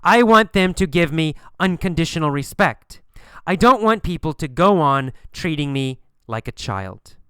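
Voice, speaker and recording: A man's voice: fairly high pitch, very animated, measured pace, fairly bright tone, smooth, dry recording, voice pushed up. A man voicing a tiny grown man who is fed up with being treated like a child, speaking in an indignant, insistent way.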